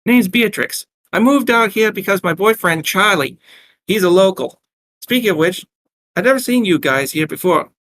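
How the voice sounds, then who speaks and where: A man voicing a brash young barmaid with a Brooklyn accent, a high and blunt put-on voice in a read-aloud story. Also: expressive, normal speed, a bit bright, lightly acted. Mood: chatty.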